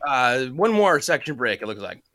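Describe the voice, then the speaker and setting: A man's voice: mid-range voice, big pitch swings, normal speed, pushed and bright. A man playfully narrating a comedic story, reading it aloud with a co-reader. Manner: playful, laughs between lines.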